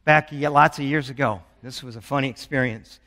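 A man's voice: medium pitch, fairly even intonation, a little fast, pushed and bright. A man in his sixties preaching a sermon as pastor, earnest and urgent, mixing personal stories with scripture. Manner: earnest, building urgency with storytelling. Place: church sanctuary. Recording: long church reverb.

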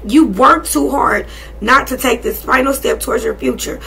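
A woman in her thirties talks her viewers through a casual tarot reading. Her voice is strongly gravelly and bright, set a little high. She speaks bluntly and sassily, with constant profanity. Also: lively intonation, normal speed, a little hiss or hum. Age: 30s. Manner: blunt, profane, sassy and emphatic. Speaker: tarot and energy reader.

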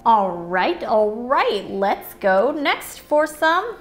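A woman's voice: a little high, big pitch swings, very slow, hardly any pauses. A woman hosting a toy unboxing video, bubbly and playful, chatting as she opens each item and sometimes slipping into silly voices for the toys.

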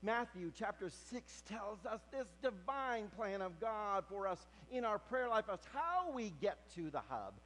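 A man preaching a sermon as pastor, swinging from hushed near-whispers to loud, emphatic preaching. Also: sits high, big pitch swings, unhurried, hardly any pauses, rough recording.

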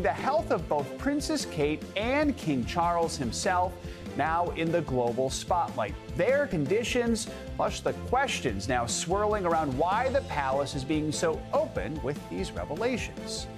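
Lively, animated male news anchor. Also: a little high, measured pace. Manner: lively, animated delivery with light joking. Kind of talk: morning news anchoring and banter. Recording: studio voice over theme music.

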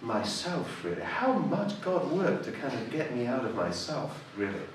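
English man, personal testimony, self-deprecating, lively varied pitch, very echoey room, distant mic. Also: normal speed, noisy background. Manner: self-deprecating storyteller, acts out quoted voices. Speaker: church member giving a testimony.

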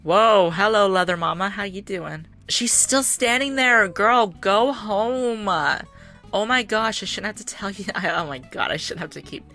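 A woman hosting a life-sim game video, chatting casually as she plays, excitable and teasing, often laughing and cheering. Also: mid-range voice, a little slow, faint music behind. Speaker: gaming channel host.

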